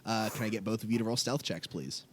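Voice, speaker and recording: A man working as game master, narrating the scene and reading out rules in a quick, matter-of-fact way. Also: lowish voice, slight background noise.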